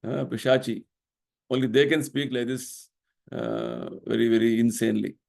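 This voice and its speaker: A man's voice: mid-range voice, wildly swooping pitch, normal speed, creaky, darkish tone. A middle-aged man giving a devotional lecture at a temple, explaining his points earnestly and checking in with the listeners by asking "right?". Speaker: temple vice president giving a spiritual talk.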